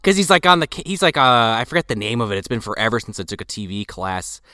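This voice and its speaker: Male co-host, bright edge, animated pitch, profane recap chat. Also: fast, no echo, clean studio sound. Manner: chatty, profane storytelling recap. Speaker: podcast co-host. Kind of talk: casual movie recap chat.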